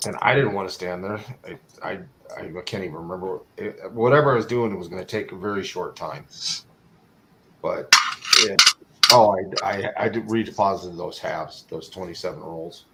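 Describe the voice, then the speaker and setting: A man's voice: low voice, moderate pace, very noisy. An American man in casual chat, rambling and repeating his words. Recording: loud kitchen clatter behind.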